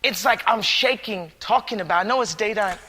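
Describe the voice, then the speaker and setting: An earnest man muses philosophically in a rambling interview. His high voice is bright and lively. A long reverberant tail hangs on the recording. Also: a little fast. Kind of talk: interview musing.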